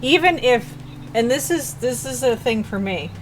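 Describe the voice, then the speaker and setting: A woman's voice: a little high, moderate pace, noisy background. A woman in a casual chat, telling stories expressively and acting out her own reactions. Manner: expressive, acts out quoted reactions. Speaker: stream host.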